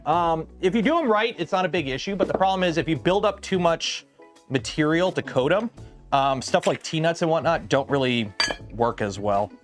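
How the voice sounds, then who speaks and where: A man living south of Detroit hosts a casual garage livestream, assembling a 3D printer and talking with plenty of ums and false starts. He has a fairly high voice with lively intonation at a normal pace, and music plays in the background.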